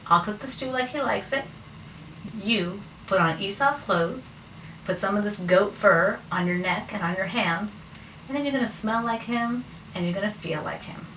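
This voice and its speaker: A woman's voice: medium pitch, moderate pace, fairly bright tone, natural voice. Woman doing a sure-footed plotting mother, roomy distant sound. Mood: confident. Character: scheming mother, brisk and confident. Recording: roomy, distant mic, faint noise.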